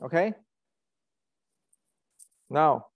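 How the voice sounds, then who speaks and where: Guy ranting about history, fairly high voice, dry close sound, lots of uh and restarts. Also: lively intonation, extremely slow, vocal fry, dry recording, lo-fi sound. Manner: heated, ranting, many restarts and fillers. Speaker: martial arts channel host. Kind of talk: casual lecture.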